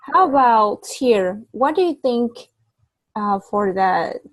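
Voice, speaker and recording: A woman's voice: on the high side, animated, slow pace, no echo, rough recording. A woman giving a one-on-one English lesson over a video call, patient, stopping to explain words and correct pronunciation. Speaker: English tutor.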